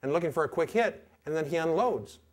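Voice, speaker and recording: A man teaching a Christian class, talking in a relaxed, conversational way and reading his own journal entries aloud with pauses. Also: on the high side, slight background noise. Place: teaching session at a training institute.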